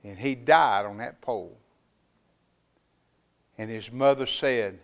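A middle-aged man from North Carolina, preaching a fervent sermon with sudden loud rises and quiet drops. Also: medium pitch, slow pace, long pauses. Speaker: pastor.

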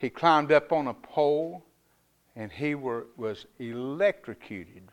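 A middle-aged man from North Carolina, preaching a fervent sermon with sudden loud rises and quiet drops. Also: mid-range voice, animated, slow. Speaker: pastor.

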